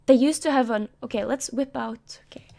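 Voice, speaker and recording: Soft-spoken woman with a gravelly, warm voice. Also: on the high side, fairly quick, a little hiss or hum. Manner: soft-spoken, rambling, giggly asides. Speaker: streamer. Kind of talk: casual live-stream commentary. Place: own room.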